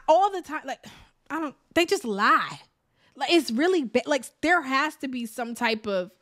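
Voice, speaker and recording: A woman's voice: high-pitched, fairly bright tone. A woman giving a casual, exasperated reality TV review, chatty and emphatic, repeating words for effect and saying "like" often. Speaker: TV show reviewer.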